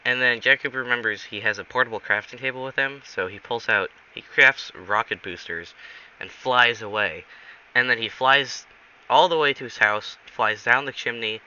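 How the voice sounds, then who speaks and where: A man's voice: mid-range voice, normal speed, sharp tone, smooth. A man rambling through an improvised comic story, correcting himself often and filling gaps with "um" and "like", on a dull recording with faint hiss. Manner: rambling, self-correcting, many fillers.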